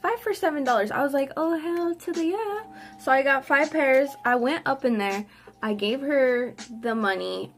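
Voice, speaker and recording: A young woman vlogger telling a sassy, animated storytime while doing her makeup. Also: a little high. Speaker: beauty vlogger. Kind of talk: get-ready-with-me storytime.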